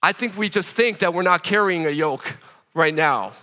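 A man preaching a sermon as pastor, in an animated, conversational way, with rhetorical questions. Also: sits high, moderate pace, big-room sound.

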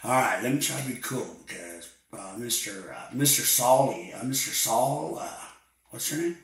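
A man playing a frantic, panicked caller, pleading and shouting on a prank call. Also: medium pitch, animated, moderate pace, natural voice. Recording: very echoey room.

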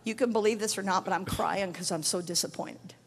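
A middle-aged woman evangelist telling a testimony in a sermon, acting out the dialogue and swinging from hushed tones to shouting. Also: medium pitch, a little fast. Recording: long hall reverb.

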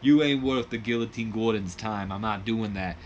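A man's voice: fairly low pitch, moderate pace, muffled recording, slight background noise, natural voice. A man voicing a dismissive mafia brawler wrestler who waves off a challenge in slangy talk.

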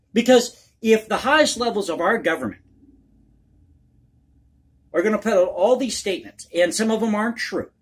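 A man with a high-pitched voice carrying a breathy edge hosts a one-take political commentary vlog. He calls viewers folks and rambles in a folksy, opinionated, conspiratorial style.

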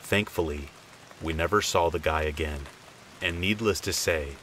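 Low voiced guy telling a creepy true story, casual, soft rain behind. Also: normal speed, slight background noise, poor audio. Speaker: horror story narrator. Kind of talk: first-person scary story narration.

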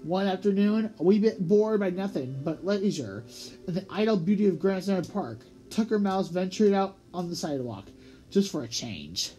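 Expressive audiobook reader with a mellow, warm voice and small slips. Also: medium pitch, poor audio. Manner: expressive, lively read-aloud with small slips. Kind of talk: storybook read-aloud narration.

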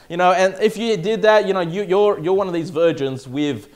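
A man's voice: sits high, normal speed, hardly any pauses. A male pastor preaching a sermon, emphatic and often checking in with "okay?" and "all right?".

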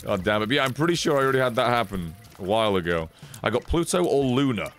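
A man giving casual live-stream commentary while he plays, excitable, swearing often and reacting loudly as he reads chat. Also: medium pitch, fast, soft background music. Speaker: game streamer.

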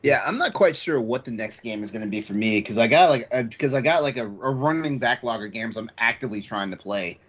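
A man hosting a gaming podcast, animated and laughing often as he talks. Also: mid-range voice, fairly quick, few pauses. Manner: animated, laughs a lot, filler-heavy. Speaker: podcast host. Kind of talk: casual chat. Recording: dull lo-fi audio.

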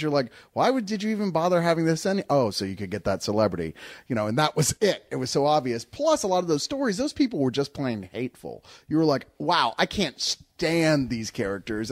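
A man reviewing a movie in a casual roundtable chat, animated and laughing, swearing freely. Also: medium pitch, no echo, clean studio sound. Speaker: film reviewer.

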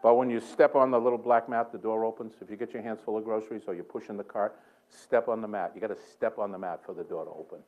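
A man's voice: lowish voice, fairly even intonation, quick pace, phone-quality sound. A man preaching a sermon in a church, telling a story with lots of chuckles and self-mocking humor. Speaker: guest preacher. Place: church sanctuary.

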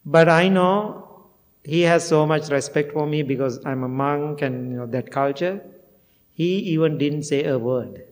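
A man's voice: a little high, a little slow. A middle-aged man, a Buddhist monk, giving a heartfelt storytelling dharma talk at a temple and laughing at himself now and then. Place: temple meditation hall. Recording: long hall reverb.

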